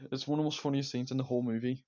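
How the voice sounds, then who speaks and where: A man reviews a movie rapid-fire in a dark, medium-pitched voice with little pitch movement. His take is casual, rambling, enthusiastic, and repetitive, packed with fillers and restarts, in a dull lo-fi recording.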